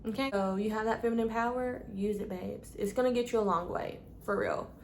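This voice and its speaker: A woman's voice: mid-range voice, brisk, a little hiss or hum. A woman vlogger giving casual advice, chatty, calling her listeners "babes" and stumbling over long words. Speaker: lifestyle vlogger.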